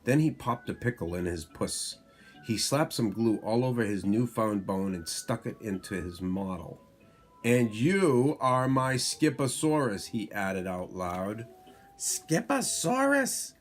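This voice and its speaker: A dad reads a picture book aloud at bedtime, taking his time over every line. His voice sits a little low and moves very slowly. Soft music plays faintly behind him. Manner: slow, unhurried reading aloud. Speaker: father reading to his son. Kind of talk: bedtime story reading.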